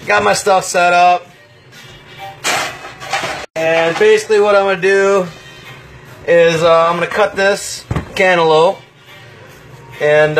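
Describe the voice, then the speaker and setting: A man hosting a casual home cooking livestream from his kitchen, laid-back and chatty, walking through each step with lots of pauses and fillers. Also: on the high side, fairly bright tone, rough recording.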